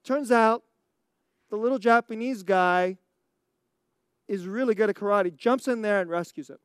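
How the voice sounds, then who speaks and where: Smooth-voiced animated storytelling preacher. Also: mid-range voice, moderate pace, no echo, clean studio sound. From United States. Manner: animated, acts out scenes, laughs often. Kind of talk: storytelling sermon.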